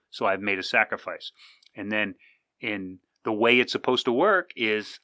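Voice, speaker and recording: A man's voice: lowish voice, bright, forceful tone, no room sound, clean studio sound. A man hosting a podcast, talking casually from his seat with lots of fillers and restarts. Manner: rambling, conversational, with many fillers and restarts. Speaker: podcast host. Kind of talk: casual monologue. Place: indoors, sitting with coffee.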